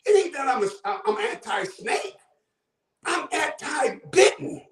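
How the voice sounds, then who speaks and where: A man's voice: very high-pitched, sing-song, measured pace, roomy sound, far from the mic. A man from Buffalo, New York, calling in to a talk show with fervent, preacher-like commentary, often raising his voice. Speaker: caller. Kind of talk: impassioned call-in commentary.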